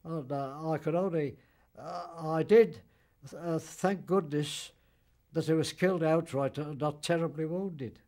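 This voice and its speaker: Casting: very old man, veteran interviewee, halting and fairly high-voiced. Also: a little mellow. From Birmingham, England. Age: older, about 90s. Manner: halting, repeats words, old-fashioned dialect grammar. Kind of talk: spoken recollection in interview.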